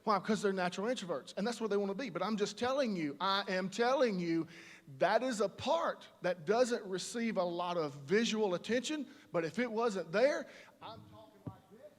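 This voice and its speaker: Lively high-voiced pastor. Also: male voice, normal speed. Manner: animated, conversational, acts out quoted voices. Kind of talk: sermon. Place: large church auditorium. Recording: live church hall reverb.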